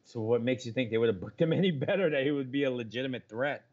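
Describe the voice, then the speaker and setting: A man's voice: medium pitch, quick pace, darkish tone. A man co-hosting a casual podcast, argumentative and sarcastic, pushing back hard on his partner. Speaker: podcast co-host. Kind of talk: casual chat about wrestling. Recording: lo-fi with faint background noise.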